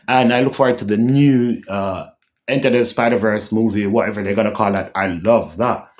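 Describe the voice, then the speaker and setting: A channel host with a lowish, steady, darkish voice speaks at normal speed in a casual vlog rant. He rambles, repeats himself, often ends lines with "yeah?" and hums dramatic sound cues.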